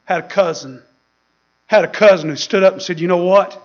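A man preaching a fiery sermon, with shouted peaks and laughter. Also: high-pitched, brisk, muffled recording.

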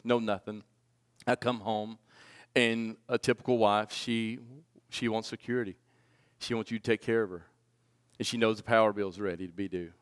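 A man in his forties preaching a personal testimony, swinging from loud pleading to hushed, low confession. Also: clear, resonant tone. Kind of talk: sermon testimony.

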